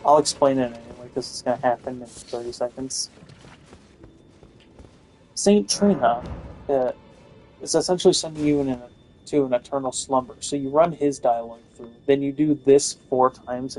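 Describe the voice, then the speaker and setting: A man's voice: medium pitch, moderate pace, a little mellow, faint music behind, rough recording. A young man giving casual gameplay commentary, rambling with lots of fillers and self-corrections. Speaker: gaming video host.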